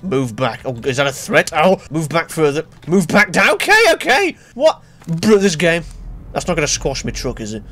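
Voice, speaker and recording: A man's voice: a little high, animated, normal speed, a bit bright, soft background music. A young British man giving sarcastic, sweary commentary on his gameplay, talking back to the game and breaking into shrieks and laughter. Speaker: gaming YouTuber.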